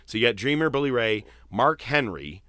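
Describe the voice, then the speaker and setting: A man hosting a casual wrestling podcast, telling stories in a profane, animated way. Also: mid-range voice, normal speed, dry recording, clean studio sound. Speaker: podcast host.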